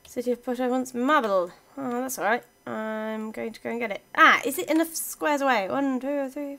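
A young woman gives casual let's-play commentary, chatting away and talking to her game pieces. Her voice sits a little higher than most women's. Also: moderate pace, gravelly, hardly any pauses, bright, forceful tone.

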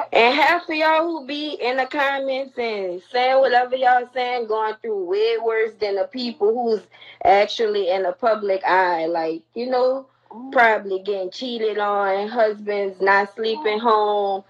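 A young woman rants straight into her phone during a live stream, blunt and confrontational, scolding everyone listening. Her voice sits at an ordinary middle pitch. The audio is lo-fi, with the dull, muffled edge of a phone livestream.

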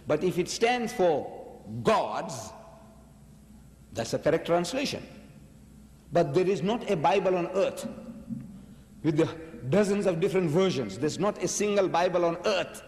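A man's voice: high-pitched, expressive, measured pace, long pauses, a little mellow, big-room sound. A man giving a religious lecture, arguing emphatically with rhetorical questions. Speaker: preacher.

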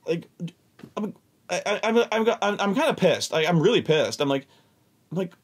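A man telling a casual, profane story about a tabletop game, animated and exasperated, often repeating himself. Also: sits high, normal speed, pauses often, breathy edge.

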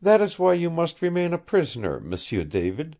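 A man's voice: fairly high pitch, wildly swooping pitch, moderate pace, a little mellow, pitched above the performer's own voice. A man reading the part of an earnest, innocent young woman who holds a prisoner, speaking with childlike sincerity. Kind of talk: audiobook character reading.

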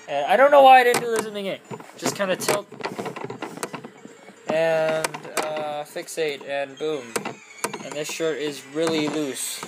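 A young woman giving goofy, rambling commentary over a video game, often breaking into loud squeals and silly voices. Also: sits low, rough recording. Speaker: let's play commentator.

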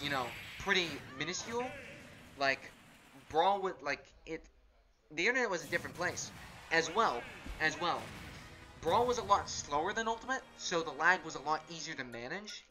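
A man's voice: on the high side, pushed and bright. A man streaming a fighting game, chatting casually in a rambling, laid-back way full of fillers as he comments on matches. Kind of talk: casual live gameplay commentary.

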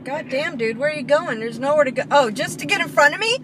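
Sarcastic high-voiced woman ranting in traffic. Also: lively intonation, fast talker. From Florida. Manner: sarcastic, swearing, exasperated muttering. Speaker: driver filming a dashcam. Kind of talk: ranting at other drivers while driving. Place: inside a car on the road. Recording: car cabin with road noise.

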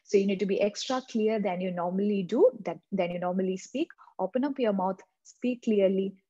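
Woman tutor with a non-native english accent, husky mellow voice, dull lo-fi sound, keeps repeating the main points. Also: mid-range voice, a little fast. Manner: earnest, repeats key points for emphasis. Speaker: exam coaching tutor. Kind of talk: instructional tutorial.

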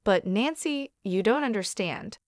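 A woman's voice: medium pitch, expressive, measured pace, a little mellow, no room sound, studio quality, lightly acted. A woman voicing an adult man, a deceitful husband who turns urgent and defensive. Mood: pleading. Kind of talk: storytelling dialogue.

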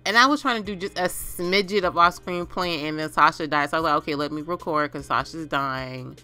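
A woman's voice: deep voice, fairly quick, sharp tone, faint music behind. A woman hosting a let's play on her gaming channel, talking through the game in a dramatic, exclaiming way.

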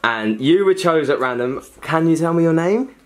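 A man's voice: on the high side, expressive, normal speed. A young man in a scripted first-person skit, rambling awkwardly with nervous fillers while delivering a parcel. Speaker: clothing brand creator delivering a parcel.

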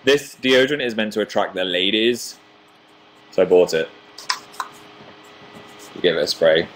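A little hiss or hum sits under this young man's voice, which is on the low side, animated, and a little slow. In his twenties, he hosts a laid-back home livestream, reading viewer comments aloud with self-deprecating jokes.

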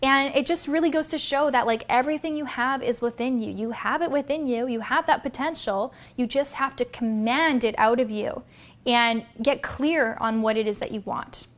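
Energetic woman coach talking straight to viewers, bright higher voice, motivational. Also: moderate pace. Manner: energetic, direct, addresses viewers. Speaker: business coach and vlogger. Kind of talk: motivational talk to camera.

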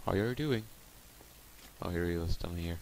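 At normal speed and with a low, slightly mellow voice, a gamer narrates his Let's Play, talking to the monsters, swearing plenty and now and then murmuring. The recording is low quality, with clear background noise.

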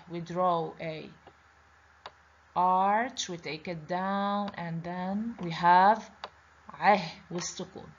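A woman with a high, pushed, bright voice teaches children a lesson on letters, patiently repeating each word and putting questions to the class. The recording is dull and lo-fi.

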